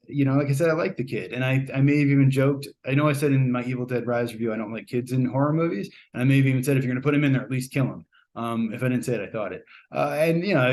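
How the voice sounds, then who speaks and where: A man's voice: medium pitch, a little mellow. A man giving a casual, rambling spoken movie review, with frequent ums and uhs.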